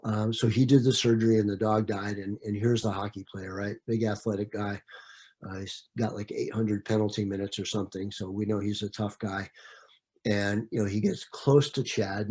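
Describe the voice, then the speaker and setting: Man, trainer, husky voice, mellow and dark, casual lecture tone, answers comments by name. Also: on the low side. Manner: relaxed, with frequent fillers and restarts.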